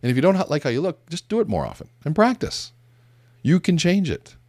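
A man's voice: fairly high pitch, big pitch swings, a little fast, a little mellow, no echo, clean studio sound. A middle-aged man giving a conversational motivational talk on leadership, direct and emphatic, with casual asides and stories. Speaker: business speaker on leadership. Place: seated indoors.

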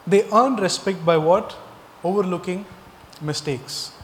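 A man's voice: sits high, measured pace, long reverb tail, slight background noise. A male pastor delivering a sermon, asking the congregation rhetorical questions and stressing key points.

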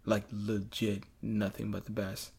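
A man hosting a podcast in casual chat, earnest and swearing freely, getting loud when he's excited. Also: on the low side, a little slow, vocal fry, husky. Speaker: podcast host.

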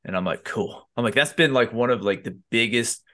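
A man's voice: medium pitch, fast talker. A man hosting a casual podcast conversation. He talks loosely and animatedly, full of fillers and restarts, and slips into little acted-out quotes as he tells his stories. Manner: animated storytelling, acts out quotes with lots of fillers. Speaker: podcast host.

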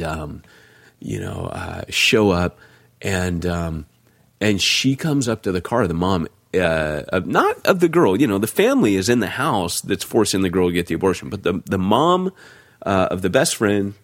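Deep-voiced man telling a lively story. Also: dry recording, clean studio sound. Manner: animated, conversational, lots of fillers. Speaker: podcast co-host, pastor. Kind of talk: casual storytelling chat.

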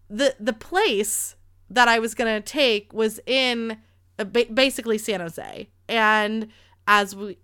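A woman's voice: on the high side, bright, forceful tone, no echo, studio quality. A woman in her thirties hosting a podcast, telling a rambling casual story with lots of "like" and free swearing. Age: 30s. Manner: chatty, rambling, swears freely, heavy use of "like". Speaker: podcast host.

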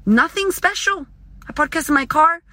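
A woman talks straight into the mic from her car, cursing freely as she gives a motivational monologue. Her voice sits a little high and rings bright and forceful, with a close, dry sound and almost no room around it. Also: expressive, normal speed, dry recording. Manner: blunt, profane, emphatic. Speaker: motivational speaker.

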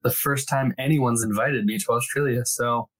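A man co-hosting a book podcast in casual chat, reacting quickly and laughing often, recorded in a small closet. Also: medium pitch, steady tone, a bit bright. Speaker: podcast co-host.

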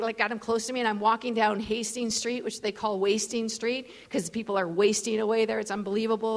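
A woman guest speaker tells stories in a sermon, using a fairly high, casual voice full of "like" and "you know." She sounds animated and conversational. The sound comes from a large event hall with a long, ringing reverb. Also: vocal fry. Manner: conversational, animated, many fillers. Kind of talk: sermon with storytelling.

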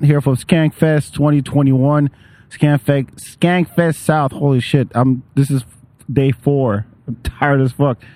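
A man's voice: a little high, warm tone, no echo. A man hosting a podcast, chatting loosely and joking, swearing freely, recorded on a hotel terrace. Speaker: podcast host. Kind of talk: casual chat.

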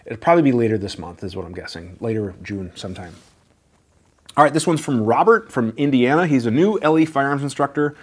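A man's voice: mid-range voice, fairly quick, breathy edge. Casual man hosting a Q&A. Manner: relaxed, conversational, frequent fillers and self-corrections. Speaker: firearms Q&A show host. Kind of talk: casual question-and-answer talk.

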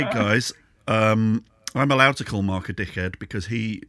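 A man's voice: on the low side, measured pace, sharp tone, no room sound, studio quality. A British man hosting a podcast, chatting casually and trading sarcastic jokes with a friend. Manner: teasing, sarcastic banter with frequent laughs. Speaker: podcast host. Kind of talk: casual chat.

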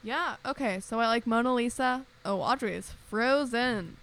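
A woman's voice: a little high, normal speed, a bit bright, low-quality recording. A woman co-hosting a casual chat over a video call, rambling and laughing often. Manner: rambling, giggly. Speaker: podcast co-host. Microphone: own mic on a video call.

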